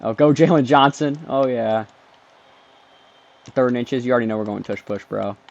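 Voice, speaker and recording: A man doing let's-play commentary on a football video game, excitable, trash-talking the game and bursting into shouts. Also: mid-range voice, moderate pace, vocal fry. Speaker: gaming streamer. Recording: dull lo-fi dry mic.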